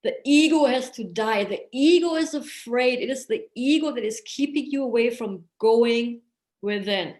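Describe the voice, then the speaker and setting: A woman's voice: on the high side, moderate pace, darkish tone. Woman therapist, echoey room. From Germany. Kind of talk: casual podcast conversation.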